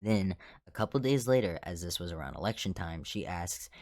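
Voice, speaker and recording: A deep, low-pitched man tells stories from his hotel housekeeping job in a casual storytime vlog. He is blunt and sarcastic and swears freely. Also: expressive, fairly quick, darkish tone.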